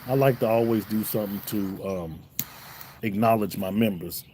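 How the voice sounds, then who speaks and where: A man's voice: fairly low pitch, normal speed, mellow, slight background noise. A middle-aged man with a Southern drawl, hosting a casual livestream and joking back at his chat in a laid-back way. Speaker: YouTube host reading live chat. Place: home, smoking a cigar on a livestream.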